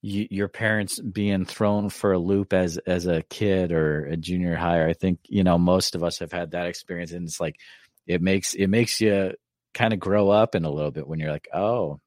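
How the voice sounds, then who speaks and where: A man's voice: sits low, steady tone, normal speed, darkish tone, no room sound, clean studio sound. A man hosting a podcast, reacting with casual enthusiasm and asking his guest questions. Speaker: podcast host. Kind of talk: casual interview chat.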